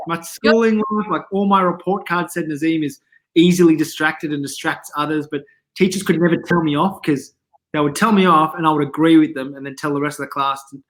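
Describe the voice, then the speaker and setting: A man, a comedian guest in a casual interview, telling animated anecdotes and laughing often. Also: on the high side, fairly quick. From Australia.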